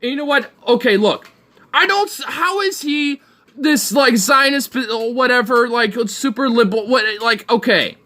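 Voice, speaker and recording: A tipsy man holding court on a casual stream. His pitch swings widely as he rambles and curses at full volume, tripping over his own sentences. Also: animated, normal speed. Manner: loud, rambling, swearing, laughing a lot. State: drunk. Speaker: livestream co-host. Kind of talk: casual drunken chat.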